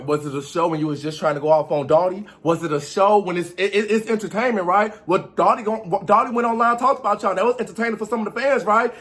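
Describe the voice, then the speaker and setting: Young guy doing a sassy reality show recap, kinda high voice, mimics everybody. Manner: animated, imitates cast members' lines, sassy slang. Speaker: commentary host.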